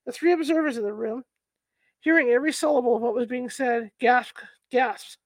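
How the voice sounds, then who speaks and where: A woman reading a novel aloud to listeners in a steady, even storytelling voice. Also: a little high, moderate pace, no room sound. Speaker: reader. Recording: dry close recording.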